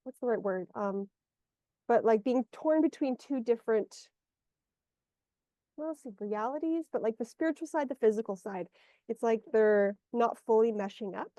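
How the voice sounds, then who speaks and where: Woman, energy healer, higher voice, mellow tone, meandering explanations, dry muffled video-call sound. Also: lively intonation, normal speed, no echo. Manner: meandering, searching for words aloud. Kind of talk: one-on-one guidance session. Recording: muffled lo-fi audio.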